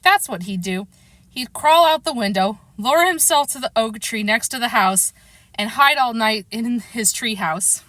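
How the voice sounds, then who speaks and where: A woman narrates a story in a bright, fairly high voice and reads it with lively expression. The recording is dry and close-miked, with no echo around her. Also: normal speed. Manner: expressive read-aloud, acting out the characters' lines. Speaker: storybook reader.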